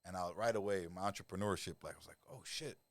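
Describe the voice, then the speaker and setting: A middle-aged man with a lowish voice, guesting on a podcast as a lifestyle coach. He tells his stories with a lot of animation and swears without a second thought. The sound is close and dry, with no room around it. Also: fast talker, no room sound. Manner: blunt, animated storyteller who swears freely and acts out quoted voices. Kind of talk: casual podcast conversation.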